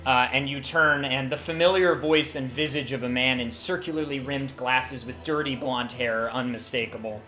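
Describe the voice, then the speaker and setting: A man running a tabletop game as game master, telling the scene with lively restarts. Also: medium pitch, moderate pace, few pauses, roomy sound, soft background music. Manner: lively storytelling with many restarts.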